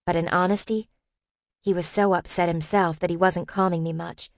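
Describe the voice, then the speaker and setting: A woman narrating a first-person audiobook in a lively, expressive reading. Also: fairly low pitch, moderate pace, dry recording, clean studio sound.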